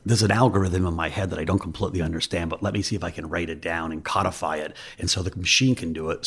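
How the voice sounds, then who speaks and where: A deep, very husky-voiced man in his fifties speaking as a podcast interview guest. He tells stories candidly and with energy, restarting sentences as he goes. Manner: candid storytelling, animated with pitch lifts and mid-sentence restarts. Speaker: guest investor.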